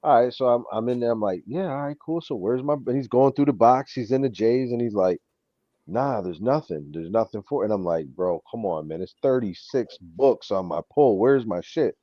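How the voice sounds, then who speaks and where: A man hosting a casual chat, telling stories in an animated way and saying "bro" a lot. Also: mid-range voice, moderate pace, dry recording, dull audio. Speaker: show host.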